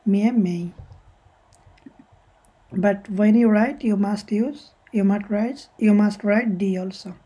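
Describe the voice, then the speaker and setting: A woman's voice: medium pitch, takes it slowly, long pauses, mellow, breathy edge, low-quality recording. A woman teaching a language lesson step by step, patiently repeating each example and translating it, sometimes correcting herself.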